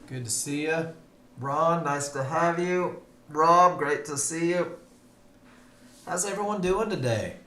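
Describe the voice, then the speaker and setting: A man's voice: a little high, slow, sharp tone, roomy sound. A man teaching a live trading webinar, chatty and upbeat, greeting viewers by name, a little tired. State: tired, yawning. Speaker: trading class instructor. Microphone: computer mic on a live stream.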